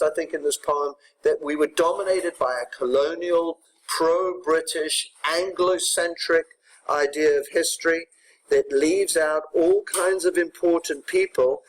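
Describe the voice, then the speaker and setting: Brisk man teaching a poetry lesson. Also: on the high side, poor audio. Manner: brisk, explanatory, with tag questions to students. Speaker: English teacher.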